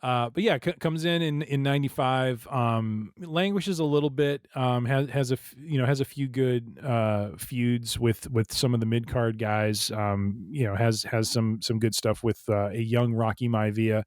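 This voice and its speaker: A man's voice: mid-range voice, fairly even intonation, moderate pace, hardly any pauses, clean tone, no room sound. A man co-hosting a casual podcast chat, rambling with lots of fillers and restarts. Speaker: podcast co-host.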